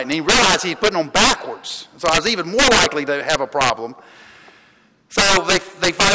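A man's voice: on the high side, fast talker. Man preaching in an echoing hall. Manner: conversational, storytelling, with restarts and laughs. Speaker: pastor. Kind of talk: sermon. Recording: long hall reverb, loud background noise.

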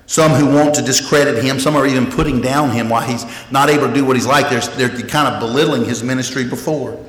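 A man's voice: medium pitch, fairly even intonation, quick pace. A man preaching a sermon as pastor, earnest and emphatic, often repeating and restarting phrases. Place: church sanctuary. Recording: echoey hall with long reverb.

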